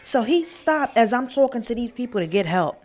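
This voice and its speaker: Animated New woman telling a story. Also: on the high side, normal speed. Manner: emphatic, profane, animated storytelling. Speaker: vlogger. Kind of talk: storytime vlog.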